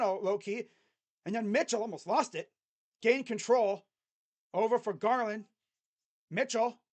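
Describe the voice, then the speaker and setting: A fan streamer calling a basketball game live, play-by-play style, mixing excited calls with sarcastic jokes and quiet mutters. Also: medium pitch. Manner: joking, sarcastic asides. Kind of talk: casual live play-by-play reaction.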